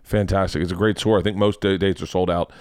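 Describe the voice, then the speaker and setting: A man's voice: low voice, fairly even intonation, fast talker, a little mellow, no room sound. A man hosting his own podcast, chatting casually and rambling, swearing often and laughing. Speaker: podcast host. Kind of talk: casual chat.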